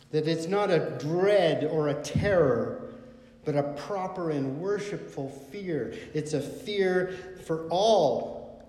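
Slow-preaching man in an echoey hall. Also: on the high side, mellow. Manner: emphatic, rising with scripture quotes, rhetorical questions. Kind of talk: sermon. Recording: echoey hall with long reverb.

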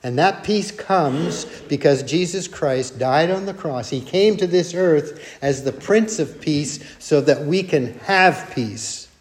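Older male preacher, slightly high voice, earnest, leans on repetition and anecdotes. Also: animated, slow, few pauses. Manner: earnest, repetitive, with storytelling asides. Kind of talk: sermon.

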